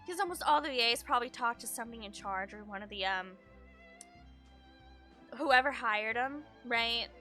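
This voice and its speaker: A woman's voice: on the high side, expressive, moderate pace, long pauses, bright, forceful tone, faint music behind. A woman streaming a game, reading its text aloud and adding chatty, musing asides in casual commentary.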